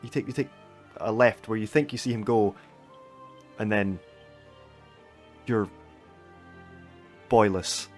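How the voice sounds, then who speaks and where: A man narrating as game master of a tabletop game, halting and restarting as he describes scenes. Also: fairly low pitch, fairly even intonation, faint music behind.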